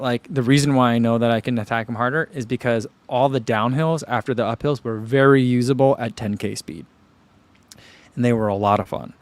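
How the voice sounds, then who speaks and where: A man's voice: mid-range voice, no echo. A man hosting a running channel, chatting casually on a livestream, rambling in an easygoing way with many fillers while reading viewer comments. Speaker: running channel host reading live chat.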